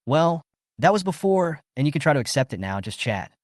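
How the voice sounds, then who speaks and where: A man's voice: a little high, sing-song, fairly quick, dry recording, clean studio sound. A man voicing an anxious, determined young woman reporter who pleads and hurries through her words. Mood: pleading.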